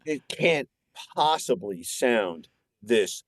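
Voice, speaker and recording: Older male guest, excitable anecdote-teller, mid-range voice, dry recording. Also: mid-range voice, extremely slow, dry recording. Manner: animated, excitable storyteller. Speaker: guest filmmaker. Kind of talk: casual podcast chat.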